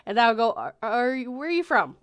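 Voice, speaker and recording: A woman's voice: on the high side, sing-song, a little fast, smooth. Chatty woman hosting a stream. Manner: chatty, giggly storyteller. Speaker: stream host. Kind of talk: casual chat.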